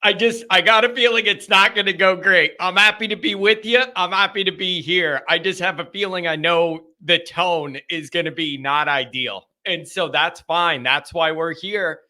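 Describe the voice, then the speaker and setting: A man's voice: high-pitched, normal speed, hardly any pauses, pushed and bright. A man hosting a live sports call-in stream, talking casually in an emphatic, rambling way and repeating himself. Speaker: sports call-in show host.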